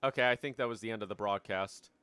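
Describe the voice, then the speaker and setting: A man's voice: lowish voice, fast talker, pushed and bright, clean tone, no room sound. A man casually live-streaming a game, playful and giggly, chatting to his viewers.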